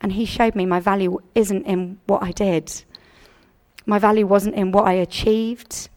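A woman's voice: mid-range voice, steady tone, unhurried, a little mellow. Earnest woman giving a sermon testimony. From England. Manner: earnest, conversational, many restarts. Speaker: church speaker.

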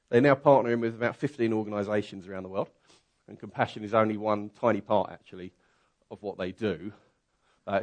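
A man preaching a conversational sermon, telling a story that swings from quiet asides to loud, excited bursts. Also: fairly low pitch.

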